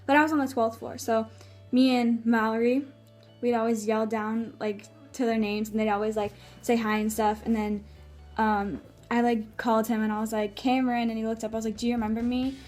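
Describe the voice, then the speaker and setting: Brief: young female vlogger, high voice, excited rambling storyteller, faint music under. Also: brisk. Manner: gushing, many filler "like"s. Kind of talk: casual storytelling vlog.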